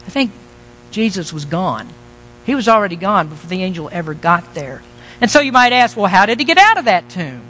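High, bright-voiced preacher teasing his congregation. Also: big pitch swings, brisk, slight background noise, poor audio. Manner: conversational, asks the congregation questions, teasing asides. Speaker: pastor. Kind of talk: sermon.

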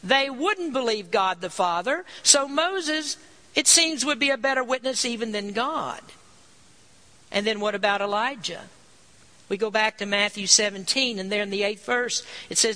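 A man's voice: very high voice, lively intonation, normal speed, bright, forceful tone, low-quality recording. A man preaching a sermon, earnest, reading scripture aloud and stressing key points.

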